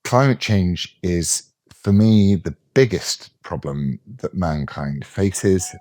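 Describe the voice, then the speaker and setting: A man's voice: lively intonation, slow pace, darkish tone, dry recording. A man putting on a sarcastic, exaggerated voice of a preachy male climate activist. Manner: sarcastic, exaggerated, high falsetto-ish lilt.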